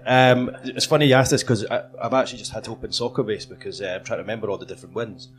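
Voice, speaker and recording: A man on a live podcast panel, telling a fast, animated story to an audience. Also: lowish voice, noisy background. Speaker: football reporter on a podcast panel. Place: comedy club stage before a live audience.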